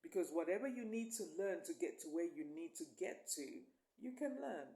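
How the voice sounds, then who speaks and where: A woman's voice: lowish voice, animated, brisk, dark tone, echoey room. A woman life coach giving an emphatic, coaxing motivational talk to camera, often checking in with the listener.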